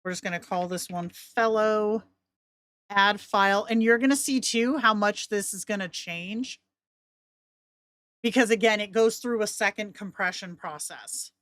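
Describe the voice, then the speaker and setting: A woman's voice: mid-range voice, a little slow, fairly bright tone, dry recording, clean studio sound. Chatty woman hosting a tutorial. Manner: chatty, rambling, laughs often. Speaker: tutorial host. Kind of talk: casual screen-share tutorial.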